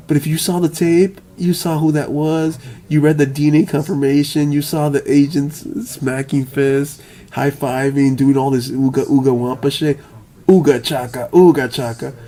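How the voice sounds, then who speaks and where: Male vlogger, rambling profane monologue, stammering restarts, slightly high pitch. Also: mellow. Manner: stammering, repeats words, profane, laughs often.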